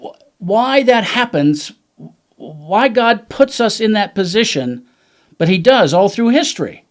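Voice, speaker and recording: A man's voice: sits high, big pitch swings, measured pace. A man who is a guest in an interview, talking in a reflective way. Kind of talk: casual interview chat.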